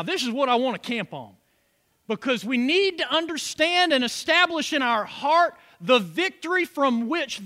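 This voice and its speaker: Animated high-voiced preacher. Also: male voice. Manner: animated preaching with call-and-response asides. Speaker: pastor. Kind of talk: sermon.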